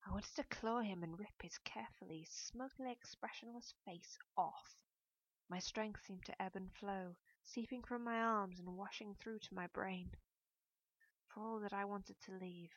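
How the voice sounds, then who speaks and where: A woman reading a novel aloud in the first person, in a measured, melancholy storytelling manner. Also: mid-range voice, dry recording. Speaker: audiobook narrator. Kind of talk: first-person audiobook narration. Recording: dull, dry audiobook recording.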